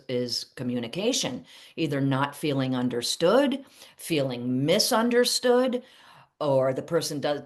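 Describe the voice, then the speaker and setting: A middle-aged woman therapist teaching casually to camera, animated, acting out little quoted exchanges and laughing at herself. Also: on the low side.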